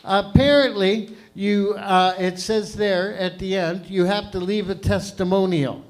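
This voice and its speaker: A man's voice: high-pitched, steady tone, a little slow. A man in his fifties from Canada hosting an open mic, ranting through a profane stand-up set on a comedy club stage. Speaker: stand-up host.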